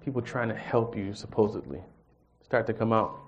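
A man's voice: on the low side, moderate pace. Man telling a testimony, dull recording. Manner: animated storyteller, acts out dialogue, chuckles. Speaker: church group speaker. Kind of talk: personal testimony and scripture reading.

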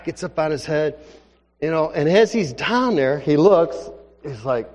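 Animated preacher man in a reverberant hall. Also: a little high, normal speed, long pauses. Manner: animated, conversational, acts out dialogue. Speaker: pastor. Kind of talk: sermon storytelling.

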